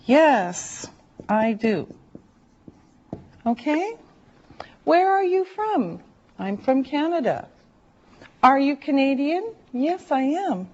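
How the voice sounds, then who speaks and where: Woman, English teacher, very slow drilled speech, dull muffled recording. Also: high-pitched, very animated. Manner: slow, deliberate drilling with repeated phrases. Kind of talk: classroom language lesson.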